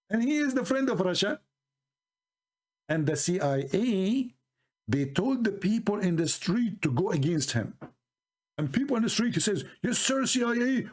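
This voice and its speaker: High-voiced man in a mocking debate. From Middle East. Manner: mocking, animated, storytelling with broken English. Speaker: debate host. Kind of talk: argumentative debate talk.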